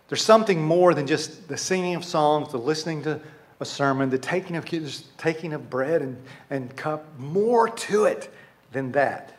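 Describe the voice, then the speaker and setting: A man's voice: on the high side, moderate pace. A man preaching a sermon to his congregation in a conversational way, often restarting and correcting himself. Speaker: pastor.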